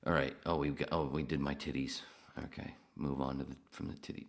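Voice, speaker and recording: A man's voice: a bass voice, level tone, brisk. A man hosting a podcast alone, rambling and swearing while he answers chat comments. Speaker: podcast host. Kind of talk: casual solo livestream chat.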